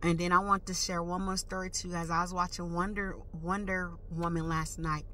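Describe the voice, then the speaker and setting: Speaking briskly, a female vlogger spins a casual, lively story packed with punchy slang and noises such as "boom" and "whoop."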